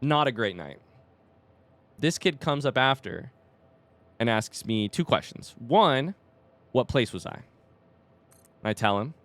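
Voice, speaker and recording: A man's voice: medium pitch, expressive, unhurried, pauses often, a bit bright. A young man streaming a game and casually telling a long coaching story, rambling with lots of fillers, restarts and the odd swear word. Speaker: streamer and youth cross country coach. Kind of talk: casual storytelling while gaming.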